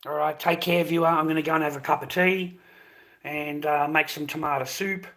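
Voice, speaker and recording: A man's voice: fairly high pitch, steady tone, brisk, fairly bright tone. An Australian man streaming live, talking in a heated, profane, rambling way. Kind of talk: casual livestream rant.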